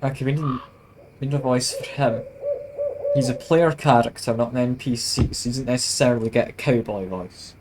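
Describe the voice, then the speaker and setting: A man's voice: mid-range voice, normal speed, a little mellow, a little hiss or hum, poor audio. A man streaming a video game, reading the on-screen text aloud and adding wry, self-mocking asides. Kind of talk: casual let's-play narration, reading game text aloud.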